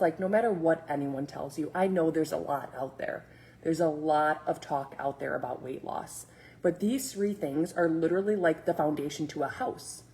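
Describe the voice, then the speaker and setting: A woman's voice: sits low, a little mellow, poor audio. A woman in her thirties hosting a live breakfast stream, chatting to viewers and acting out quoted dialogue. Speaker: fitness coach host.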